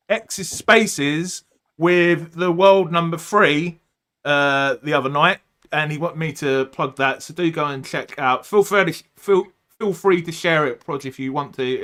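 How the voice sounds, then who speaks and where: A man's voice: fairly high pitch, unhurried, sharp tone, clean tone. A man hosting a casual live podcast chat, joking and rambling, with lots of ums and uhs. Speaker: podcast host.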